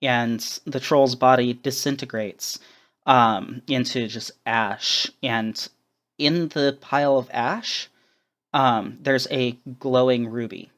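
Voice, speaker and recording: Slow, halting game master man. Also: mid-range voice, steady tone, fairly bright tone. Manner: hesitant, many ums and uhs. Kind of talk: narrating a tabletop game.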